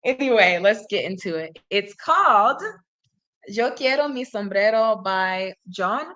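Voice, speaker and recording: A woman's voice: medium pitch, animated, a little slow, fairly bright tone. A young woman hosting a casual livestream, reading a children's book aloud with chatty, giggly asides. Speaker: channel host reading to learners.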